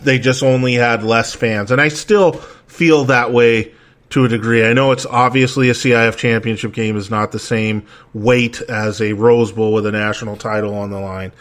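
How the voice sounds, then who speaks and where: A man's voice: lowish voice, steady tone, normal speed, fairly bright tone. Rambling, profane man hosting a chat. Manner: rambling and profane, with many restarts. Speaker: podcast host. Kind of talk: casual chat.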